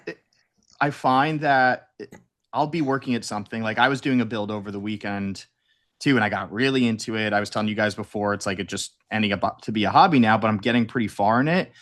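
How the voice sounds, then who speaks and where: A man's voice: fairly low pitch, fast talker, a bit bright. A young adult man co-hosting a podcast, chatting casually and acting out his own quotes as he tells a story. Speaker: podcast co-host. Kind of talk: casual chat.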